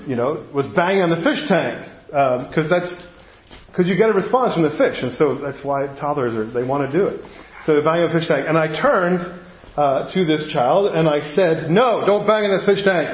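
A middle-aged man preaching a sermon, telling a family story in a relaxed, conversational way with frequent asides and restarts. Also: a little high. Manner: conversational, anecdotal, self-interrupting with asides. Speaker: pastor. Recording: roomy, slightly dull sound.

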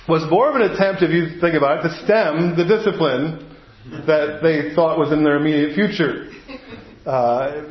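A middle-aged man preaching a sermon, telling a family story in a relaxed, conversational way with frequent asides and restarts. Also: a little high. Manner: conversational, anecdotal, self-interrupting with asides. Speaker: pastor. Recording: roomy, slightly dull sound.

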